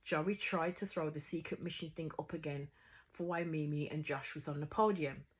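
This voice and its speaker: A woman's voice: sits low, normal speed, breathy edge. A woman giving casual, outspoken reaction commentary on a reality show, swearing freely as she retells events.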